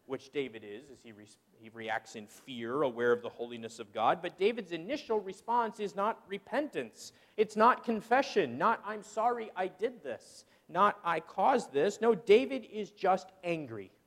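A middle-aged pastor preaching with a high, lively voice that swings widely in pitch. He acts out people's excuses in quoted voices, and his words ring with the long reverb of a church hall. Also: normal speed, hardly any pauses. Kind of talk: sermon.

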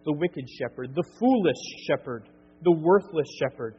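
A middle-aged male preacher with a somewhat high voice, delivering an earnest sermon that swells to emphatic peaks and falls back to quiet. His voice rings with long reverb through a dull, lo-fi church recording over a faint hum. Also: lively intonation, normal speed, breathy edge. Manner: earnest, builds to emphatic peaks then drops soft. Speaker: pastor. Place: church sanctuary.

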